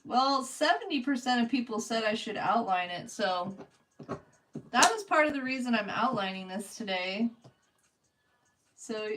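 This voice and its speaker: Painting on stream, a young woman with a Californian accent talks straight to her viewers in a chatty, casual way, laughing frequently. Her slightly high, somewhat bright voice sounds a little far from the microphone.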